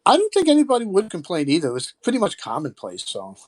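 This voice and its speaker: Man in his 60s, podcast guest, fairly high voice, casual, rambling, lots of hesitations. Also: huge pitch swings, quick pace. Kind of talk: casual chat.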